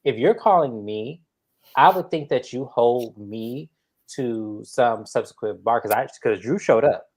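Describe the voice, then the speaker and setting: A man's voice: mid-range voice, a little slow, darkish tone, breathy edge. Blunt, slangy man breaking down drama. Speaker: reality TV review co-host. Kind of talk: casual opinionated chat.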